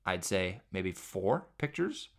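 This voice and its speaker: A man's voice: deep voice, very animated, slow. A man hosting a podcast, telling rambling, joking stories about parenting. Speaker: podcast host. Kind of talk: casual comedic monologue.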